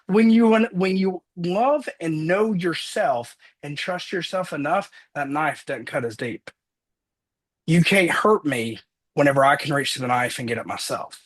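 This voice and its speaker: A man in his thirties giving an earnest motivational talk, energetic as he tells personal stories on a call. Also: a little high, a little slow. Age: 30s. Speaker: motivational speaker.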